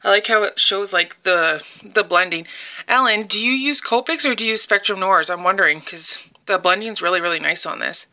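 A young woman chats through a craft mail unboxing, gushing over every item. Her voice is bright and clear at an ordinary middle pitch. She is caught on a phone camera at her table at home, talking straight to her viewers. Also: a little fast. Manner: gushing, chatty, talks to viewers. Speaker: craft vlogger. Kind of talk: casual unboxing chat.

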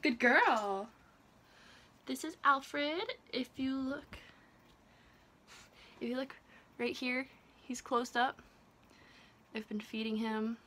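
A woman's voice: high-pitched, steady tone, takes it slowly, pauses often, bright, forceful tone. A young woman chatting casually in a home vlog, playful and gushing, baby-talking to her pets. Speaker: vlogger.

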